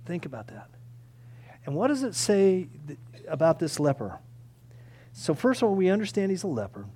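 A man's voice: high voice, big pitch swings, moderate pace, dark tone, husky. A man preaching a sermon, earnest and emphatic, acting out quoted prayers and pleas.

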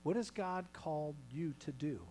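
A male pastor preaching a sermon in a small church, moving between loud calls and hushed near-whispers. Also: a little high, expressive, normal speed, a little hiss or hum, low-quality recording.

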